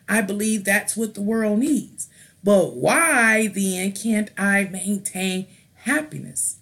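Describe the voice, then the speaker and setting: A woman's voice: mid-range voice, fairly bright tone. A woman, a mother, hosting a live stream and ranting in a blunt, rambling way, irritated, with restarts and casual slang. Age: adult with children. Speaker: tarot live-stream host.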